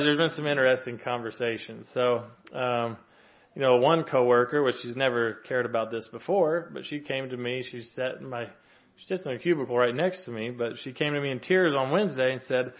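A man's voice: medium pitch, fairly quick. A man giving an earnest, conversational sermon, speaking plainly with frequent fillers and restarts. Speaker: lay preacher soon to be a pastor. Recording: dull lo-fi recording.

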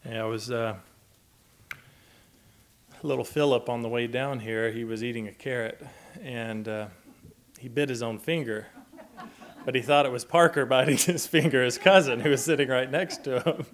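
A man preaching a sermon in a gentle, conversational way, chuckling often as he talks. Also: medium pitch, fairly even intonation, normal speed, long pauses. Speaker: pastor.

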